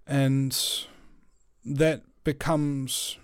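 Man doing a slow motivational talk, emphatic, dry close sound. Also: mid-range voice, clear, resonant tone, dry recording. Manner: animated storyteller, emphatic. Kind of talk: motivational monologue.

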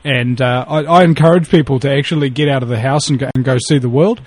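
A man's voice: medium pitch, fast talker, no room sound. A man chatting casually on a call, telling rambling stories, swearing and laughing at his own jokes. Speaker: podcast guest. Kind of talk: casual chat.

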